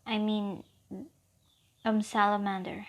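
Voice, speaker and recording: A woman narrating an improvised fan story in a halting, meandering way with many fillers. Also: medium pitch, level tone.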